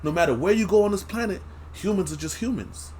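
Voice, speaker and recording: A man giving casual reaction commentary, slangy and animated, laughing often. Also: high-pitched, quick pace, slight background noise. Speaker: reaction streamer.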